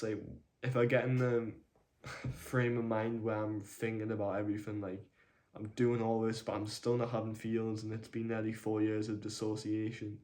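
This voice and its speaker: A man talking haltingly in a personal video diary from his own room, often searching for words. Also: lowish voice, a little mellow. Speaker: vlogger.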